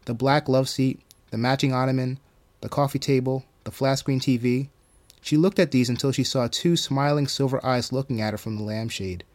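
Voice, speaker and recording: A man narrating his own horror story in a calm, even storytelling manner. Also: medium pitch, moderate pace.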